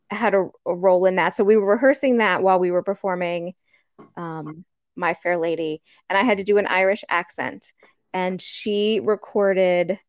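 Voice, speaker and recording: Middle-aged woman, chatty guest, dry close sound, warm easygoing hesitations. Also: fairly low pitch, no room sound. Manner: chatty, laughs often, hesitant fillers. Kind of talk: casual chat.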